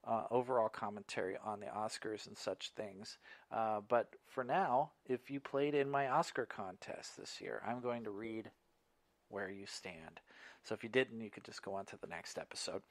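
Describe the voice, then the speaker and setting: A man's voice: medium pitch, moderate pace, no room sound. Dry-sounding man on a podcast. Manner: wry, teasing, reads out contest results. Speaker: podcast co-host. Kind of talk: casual chat.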